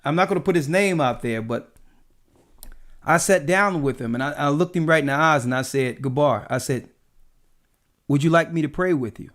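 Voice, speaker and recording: A man's voice: on the high side, normal speed, pauses often, a bit bright. A man, an elder of a church, telling personal stories in a casual chat, with frequent "right?" asides.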